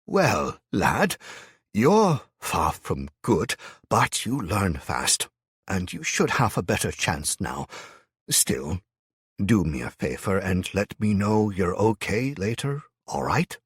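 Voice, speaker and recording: Give me a man playing a warm older sword trainer for an audiobook, husky and low, recorded dry. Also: very animated, slow pace, no echo, heavily acted. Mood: kindly, concerned. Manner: warm, fatherly, calls him lad and son. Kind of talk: audiobook character voice.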